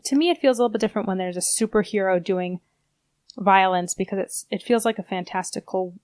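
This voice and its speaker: A woman co-hosting a podcast, chatting casually about a book in a rambling, quick-bursting way. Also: medium pitch, darkish tone, dry recording. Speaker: podcast co-host.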